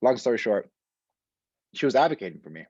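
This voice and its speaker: A man with a fairly low voice answers interview questions in a loose, slang-filled way, full of "um"s and "like"s. The sound is dull and lo-fi and very dry, like a video call. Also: brisk, husky, no room sound. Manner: relaxed and slangy, many fillers. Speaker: school administrator.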